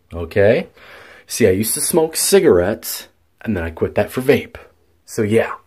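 Young guy vlogging, kinda low voice, rambles a lot with tons of ums and cusses. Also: a little mellow, breathy edge. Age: young adult. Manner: rambling, many fillers and restarts, swears freely. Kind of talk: casual storytelling vlog.

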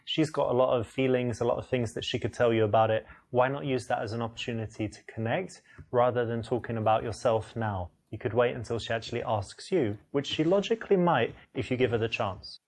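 A man plays a calm dating coach in a video game, advising the player in an instructive, mid-pitched voice. He speaks plainly and reasonably. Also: a little fast, lightly acted. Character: calm male dating coach giving advice. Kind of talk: scripted game narration.

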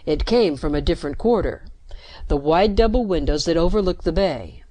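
A woman narrating a science fiction story with steady, dramatic pacing into a close mic. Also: low-pitched, moderate pace, no room sound. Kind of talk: scripted narration.

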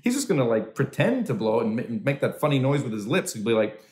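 A man doing a stand-up comedy set from home over a video call, animated and swooping into high voices for quoted people. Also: fast talker, echoey room, heavy background noise. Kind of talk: stand-up comedy set for a virtual charity dinner.

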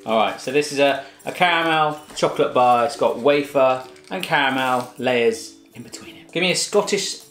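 A man's voice: mid-range voice, normal speed, hardly any pauses, a bit bright, roomy sound, soft background music. A man hosting a food taste test in a home kitchen, chatting casually with playful jokes. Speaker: host.

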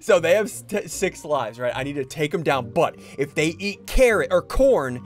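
A young man hosting a gaming video, giving excited, giggly commentary to his viewers as he plays. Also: fairly high pitch, normal speed. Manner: hyped, giggly, talks to viewers while playing.

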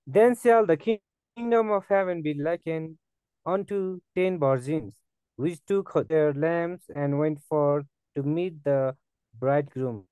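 Slow, mellow man reading scripture. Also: on the high side, clean tone, no room sound. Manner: slow, careful reading with occasional stumbles. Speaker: scripture reader.

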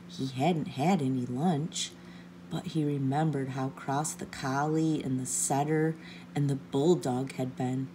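A woman reading a children's picture book aloud with gentle, expressive narration. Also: very deep voice, unhurried, a little hiss or hum. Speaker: children's story reader. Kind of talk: storybook read-aloud.

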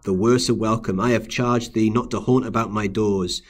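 A man's voice: on the low side, steady tone, normal speed, lightly acted. A man reading aloud as an indignant older nobleman, a father roused from sleep who demands answers.

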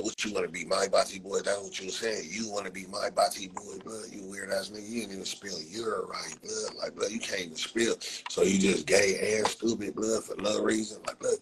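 On a phone livestream mic, a man with a deep voice hosts a stream where he rants and roasts people in a casual, profane, mocking way, using "blood" over and over as a filler. The recording is low quality, with slight background noise.

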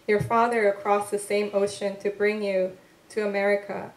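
A woman from Korea recites her poetry in a measured, deliberate way, her pitch staying level and even. She pauses between lines and drops into soft, tentative asides between poems. The voice rings in an echoey live event room. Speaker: poet reading her work. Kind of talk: poetry reading. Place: event room at a literary venue.

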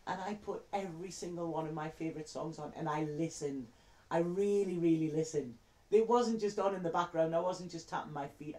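A woman's voice: low voice, darkish tone, echoey room. A woman, a tarot reader telling a heartfelt story to camera in a chatty way. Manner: heartfelt, chatty, repeats words.

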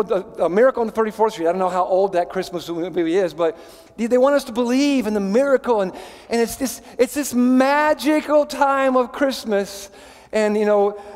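A male pastor preaching a sermon in a church in a lively, conversational way, often stopping and restarting his sentences. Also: high voice, in a large hall. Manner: animated, conversational, many restarts. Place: church sanctuary.

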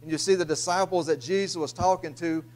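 A man preaching a sermon as pastor, halting and repeating his words with frequent fillers. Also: fairly high pitch, steady tone, darkish tone. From Louisiana, US. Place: church sanctuary.

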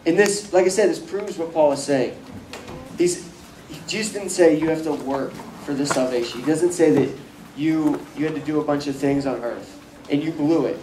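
A man's voice: a little high, moderate pace, a little mellow, a little hiss or hum. Young man teaching bible study, echoey. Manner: casual, filler-heavy, acts out quotes. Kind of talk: casual bible lesson. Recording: echoey room from far off, faint ambience.

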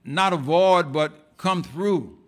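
A male pastor preaching an impassioned sermon in a church, swinging between loud outbursts and hushed asides and often repeating words. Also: fairly high pitch, takes it slowly.

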